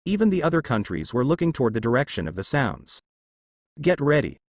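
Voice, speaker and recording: A man narrating a fanfiction story in an expressive reading. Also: mid-range voice, fast talker, no room sound.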